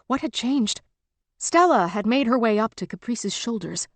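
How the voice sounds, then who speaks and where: A woman narrating an audiobook in a measured, tense storytelling manner. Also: on the high side, expressive, no echo. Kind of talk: scripted narration.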